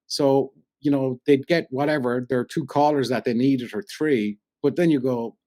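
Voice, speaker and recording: Irish man, cork accent, chatty rambling storyteller, mid pitch, dry close mic. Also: steady tone, normal speed, darkish tone, dry recording. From Ireland. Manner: chatty storyteller, rambling with many "you know"s. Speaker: radio presenter and podcast guest. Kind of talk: casual podcast chat.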